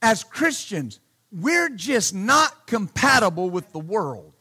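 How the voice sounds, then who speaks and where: A male pastor preaching a sermon bluntly and emphatically, often saying hallelujah and shouting his key points. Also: high-pitched, very animated, slow, husky.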